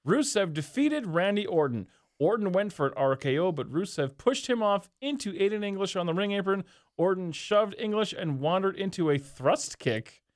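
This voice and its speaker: A man's voice: high voice, big pitch swings, normal speed, dry recording. A man talks in a slightly raised voice, bantering loosely and swearing freely as a podcast co-host. The sound is dry and close, with no room around it. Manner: loose, profane, jokey banter. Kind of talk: casual chat.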